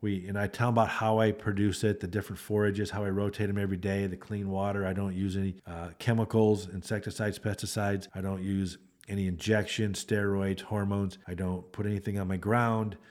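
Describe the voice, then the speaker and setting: A man's voice: lowish voice, flat delivery, brisk, few pauses, a little mellow. A man, a beef rancher hosting a podcast, talking in a casual monologue with an earnest, repetitive, salesman-like manner.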